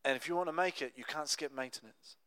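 A young adult man preaching a sermon, telling a Bible story in a conversational, animated way with casual asides. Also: on the high side, quick pace, clean tone, no room sound. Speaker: pastor.

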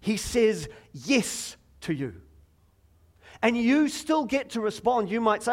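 A middle-aged man preaching a lively, joking sermon from a church stage, chatty and self-deprecating, drawing the congregation in. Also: high voice, slow. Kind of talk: playful sermon with audience participation.

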